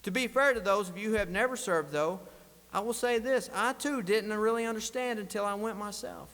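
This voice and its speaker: A man's voice: sits high, a little fast, a bit bright. A man, a state legislator giving an earnest, emotional farewell speech in a legislative chamber. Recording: long reverb of a large chamber.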